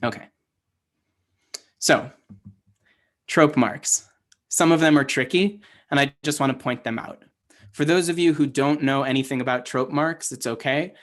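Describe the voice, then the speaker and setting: A man's voice: medium pitch, a bit bright. Man teaching with frequent "right?". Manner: casual, halting explanation with many restarts and "right?" checks. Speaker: Hebrew teacher. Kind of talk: online class lecture. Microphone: livestream.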